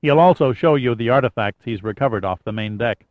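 A man reading as a calm male expedition leader who speaks in a level, matter-of-fact way, in a dry, slightly muffled audiobook recording. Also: medium pitch, brisk, no room sound, natural voice.

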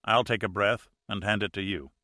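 A calm, wry male diver , read by a man narrator, speaks with dry understatement. The voice sits low yet bright and forceful. The recording is close and dry, like an audiobook. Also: fairly quick, no echo. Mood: instructive. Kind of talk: audiobook character reading.

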